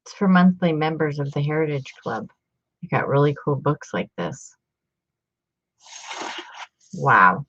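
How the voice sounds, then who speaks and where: A woman's voice: deep voice, expressive, unhurried, long pauses, fairly bright tone, dull audio. A woman talking casually as she shows off books from her collection, chatty and gushing over each find. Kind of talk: casual vlog show-and-tell.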